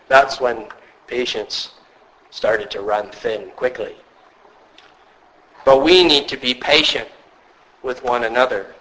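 A male pastor giving a sermon, earnest and measured, with occasional storytelling asides. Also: mid-range voice, a bit bright, poor audio.

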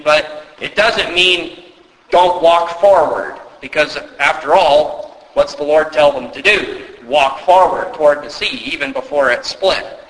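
A pastor's sermon rings through a hall with long, echoing reverb. His voice sits on the high side, bright and forceful, as he preaches earnestly and with emphasis, leaning on rhetorical questions.

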